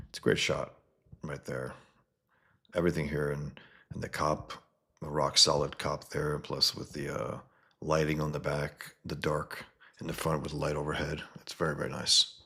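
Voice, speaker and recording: A man casually reviewing a comic book, reading its panels and sound effects aloud between relaxed comments. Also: moderate pace. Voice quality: very deep, gravelly and husky.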